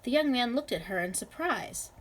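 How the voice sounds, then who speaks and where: A woman reading a novel aloud in a measured, expressive way. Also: fairly high pitch, poor audio. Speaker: reader.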